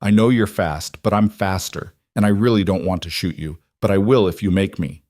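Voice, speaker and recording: A man voicing a cold, treacherous male ranch hand with a gun, speaking calmly and bitterly. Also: low voice, normal speed, no room sound, clean studio sound, natural voice.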